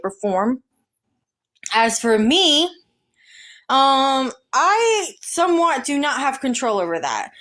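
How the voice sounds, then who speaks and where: Chatty Southern woman, slightly high voice. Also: a bit bright. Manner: chatty and defensive, rambling with fillers. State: stuffy, sinuses draining. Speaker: streamer reading and answering posts. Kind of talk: casual chat, reading posts aloud.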